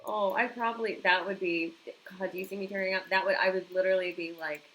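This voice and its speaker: A woman's voice: mid-range voice, steady tone, quick pace, a bit bright, poor audio. A woman chatting casually on a home live stream, reacting to viewer comments and laughing often.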